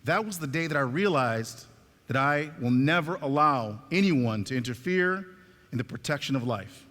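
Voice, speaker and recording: A man giving a stage talk, telling a story in an animated way and acting out the dialogue, in a reverberant hall. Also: mid-range voice, normal speed. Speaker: speaker at a talk.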